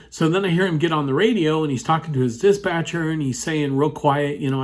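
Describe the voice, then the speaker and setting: A man recounts a personal story in a loose, rambling way, leaning on "you know" again and again. His voice sits a touch higher than most men's, and he talks from his computer indoors. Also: quick pace, few pauses. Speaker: vlogger telling a personal story. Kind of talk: casual storytelling.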